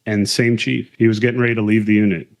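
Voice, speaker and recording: A low-pitched man talks openly about his path into naval aviation, recounting exchanges with lively emphasis. His delivery is conversational and unhurried in a relaxed interview. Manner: candid, conversational, retells quotes with emphasis. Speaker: guest, military aviator and author. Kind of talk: casual storytelling interview.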